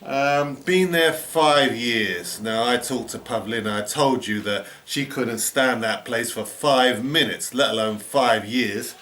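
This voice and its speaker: A man's voice: mid-range voice, slow, few pauses, fairly bright tone. A middle-aged man, casually reminiscing about a trip in a rambling, chuckling way, full of "you know". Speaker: storyteller recalling a trip. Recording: roomy echo with faint background noise.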